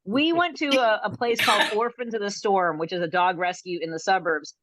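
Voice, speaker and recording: Over a video call, a woman stand-up comedian tells a rambling story, breaking off mid-sentence and laughing at her own jokes. Her mid-range voice is brisk, with a noisy background behind it.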